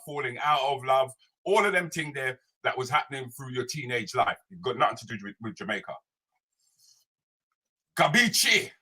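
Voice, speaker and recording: Streaming live from home, a British comedian and social commentator rants animatedly on his own show, going over his points again and again and constantly tossing in "yeah?" and "right?" His male voice is a little high, bright, and pushed.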